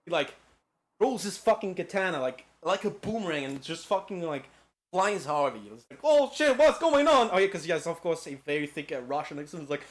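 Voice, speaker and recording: A man's voice: fairly high pitch, fairly quick. Rambling, profane young streamer man. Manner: rambling and profane, heavy on "like" fillers. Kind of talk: casual lecture-style game recap.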